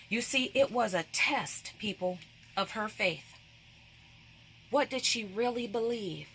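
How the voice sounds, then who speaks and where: A woman preaches a devotional while she crafts, repeating phrases for emphasis and calling out to her listeners. Her voice is bright and pitched fairly high. She takes her time, leaning hard on the key words. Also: lively intonation, slow pace, long pauses, slight background noise.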